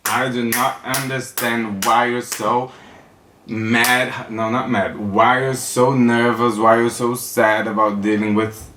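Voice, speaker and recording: A comedian telling stories in a campy, sassy stand-up monologue, acting out the people in them. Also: male voice, medium pitch, little pitch movement, slow, fairly bright tone, slight background noise. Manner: campy, sassy storytelling with acted-out quotes. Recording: roomy echo.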